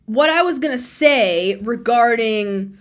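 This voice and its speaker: A woman tarot reader musing aloud in a casual spiritual monologue, laughing often and dropping at times to a near-whisper. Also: on the high side.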